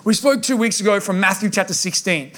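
A man's voice: high voice, a little fast, a bit bright. A man preaching a sermon as a pastor, humorous and acting out the voices he quotes. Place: church hall with congregation.

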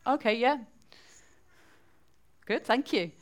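A woman's voice: fairly high pitch, expressive, slow pace. A woman from northwest England with a Mancunian accent, giving a chatty church talk and quizzing the congregation. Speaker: preacher.

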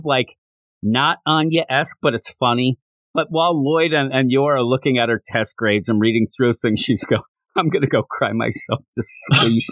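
A man's voice: mid-range voice, no echo. A man hosting a podcast, chatting casually and acting out lines as he retells a comic chapter. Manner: animated storyteller, acts out quotes. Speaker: podcast host. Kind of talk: casual chat recapping a manga chapter.

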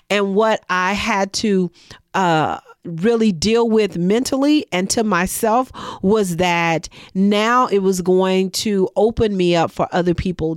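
A woman's voice: medium pitch, no room sound, clean studio sound. A middle-aged woman, a business owner, tells a personal story in a monologue and acts out the dialogue. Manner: expressive, acts out quoted dialogue.

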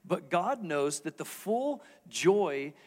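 A man's voice: on the high side, very animated, slow, a little mellow. Candid man preaching in a big hall. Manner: candid, conversational, asks the audience questions. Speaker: lead pastor. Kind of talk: sermon. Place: church auditorium stage. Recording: reverberant church hall.

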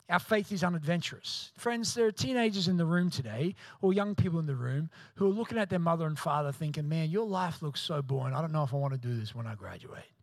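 High-voiced pastor telling a comic story. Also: male voice, no echo. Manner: animated, self-mocking storyteller acting out voices.

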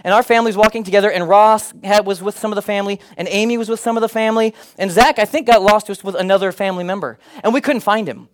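High-voiced animated male pastor. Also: quick pace, few pauses, low-quality recording. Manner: animated, humorous storytelling with put-on voices. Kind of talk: sermon.

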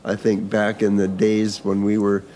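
An older man with a low voice tells local history in a loose, rambling manner, often restarting his sentences. He sits in the back room of a country store by a wood stove, with a faint hiss behind him. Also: monotone, unhurried, dark tone. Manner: rambling, full of restarts and asides. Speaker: store owner and organic farmer. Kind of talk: casual conversational storytelling.

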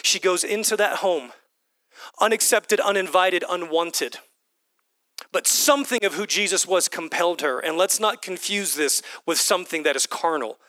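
A middle-aged man preaching with a high, bright voice. He drives his points home by repeating short phrases. The sound is close and dry, with no room echo. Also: moderate pace. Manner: animated preaching, repeats lines for emphasis. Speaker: pastor. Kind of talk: sermon.

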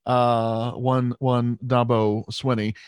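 A man co-hosting a casual sports podcast, animated and self-deprecating, often restarting his sentences. His voice sits in an ordinary middle pitch. The mic is close, with a dry, roomless sound. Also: slow pace, clean tone, no echo. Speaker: podcast co-host.

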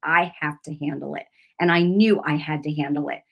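A middle-aged woman gives a personal testimony of faith, in the manner of a sermon. Her retelling is emotional and animated, full of fillers and restarts. Now and then she swells into an intense, raised voice as she acts out her prayers. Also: sits low, fairly quick, creaky, muffled recording. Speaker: Christian speaker giving a testimony.

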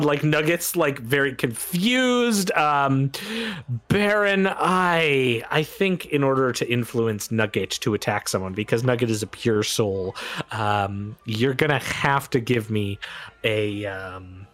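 A man's voice: mid-range voice, slow pace, a bit bright. A man narrating as game master in a tabletop game, rambling with frequent fillers.

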